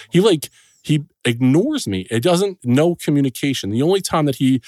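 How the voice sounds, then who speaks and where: A middle-aged man as a podcast guest, telling a personal story in an earnest, emotional way with frequent pauses and restarts. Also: lowish voice, darkish tone, no echo, studio quality.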